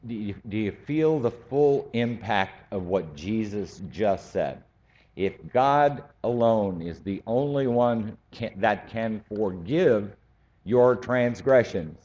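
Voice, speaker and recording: A man teaching a Bible study class, speaking slowly and deliberately and building to emphatic points. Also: on the low side, lively intonation, mellow. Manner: slow, deliberate, rising to emphatic. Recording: dull lo-fi recording.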